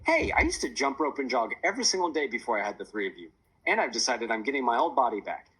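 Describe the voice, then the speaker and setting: A man's voice: mid-range voice, big pitch swings, fast talker, sharp tone, slightly rough, full character voice, poor audio. Man putting on a teasing upbeat mom. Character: playful energetic mother of three, woman.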